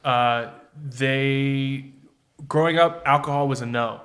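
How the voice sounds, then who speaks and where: A middle-aged man from Houston, chatting casually as a podcast host over drinks. He tells stories in a lively way and acts out his own messages as he goes. His voice sits at an ordinary pitch for a man. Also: takes it slowly. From Houston, Texas. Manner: animated storyteller, acts out his own texts.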